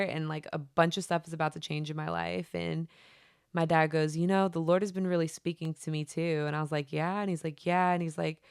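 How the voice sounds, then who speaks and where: Low-voiced woman telling a story. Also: clear, resonant tone, no echo, clean studio sound. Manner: chatty, animated retelling with many fillers. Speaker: podcast host. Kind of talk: casual faith podcast storytelling.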